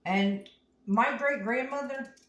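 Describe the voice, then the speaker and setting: Slow, folksy woman host in an echoey kitchen. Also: a little high, a bit bright, lo-fi sound. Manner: folksy, rambling, homespun phrasing. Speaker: home cooking show host. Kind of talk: casual storytelling while cooking. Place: home kitchen. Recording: echoey room, mic at a distance.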